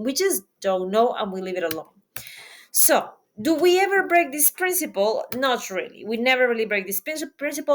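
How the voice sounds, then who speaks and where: Female test prep teacher, fairly high voice, lively, quizzes the viewer. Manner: lively, asks viewers questions and pauses for them. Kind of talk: casual video lesson.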